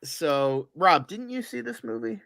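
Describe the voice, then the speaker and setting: A man's voice: high-pitched, expressive, a little slow, gravelly, a bit bright, no echo, clean studio sound. A man chatting casually about horror movies as podcast co-host, rambling with lots of fillers and swearing freely.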